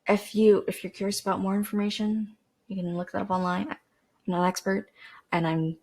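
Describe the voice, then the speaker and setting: A woman's voice: medium pitch, little pitch movement, fairly quick, a little mellow, husky. A teenage girl from Canada, rambling casually to camera as a podcast host, with lots of fillers and restarts. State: dry throat.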